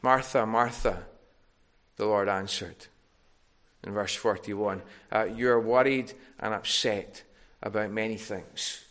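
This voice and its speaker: A man's voice: fairly low pitch, steady tone, slow pace, a bit bright. A man preaching a sermon, earnest and tender, building to emphatic peaks.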